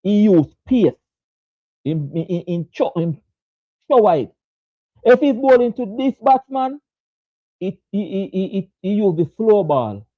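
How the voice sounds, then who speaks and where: A man's voice: high-pitched, big pitch swings, unhurried, pauses often, no echo. A man hosting a casual live-stream cricket chat, laughing often and repeating phrases. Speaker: sports show host. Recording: dull, dry lo-fi sound.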